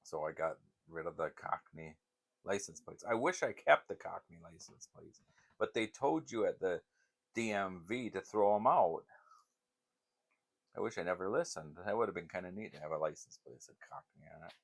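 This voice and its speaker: A man's voice: deep voice, animated, moderate pace, breathy edge. An older man vlogging in a casual, rambling chat, wandering from one story to the next.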